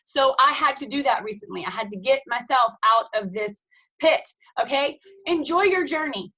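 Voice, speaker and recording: Team leader, woman in her thirties, rousing video-call pep talk with a bright, ringing voice. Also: high voice, lively intonation, normal speed, low-quality recording. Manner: emphatic, preachy, chatty, with "you guys" and "okay?".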